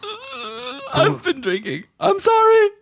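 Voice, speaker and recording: A man voicing a tearful, tipsy noblewoman in a shrill falsetto. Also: wildly swooping pitch, slow, creaky, a bit bright, full character voice.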